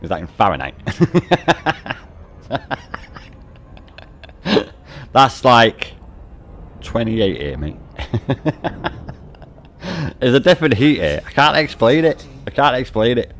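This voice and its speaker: Slow and sing-song, with long pauses, a middle-aged British man chats casually on a game stream, swearing and laughing plenty. His mid-range voice is a bit bright, and he speaks with a British English accent from the UK.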